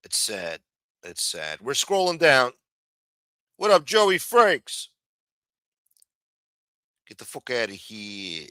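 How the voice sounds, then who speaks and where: Profane, sarcastic New livestream host. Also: male voice, medium pitch, wildly swooping pitch, slow, long pauses, sharp tone, smooth, no echo, clean studio sound. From New York. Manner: crude, sarcastic, rambling rants. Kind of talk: profane ranting livestream chat.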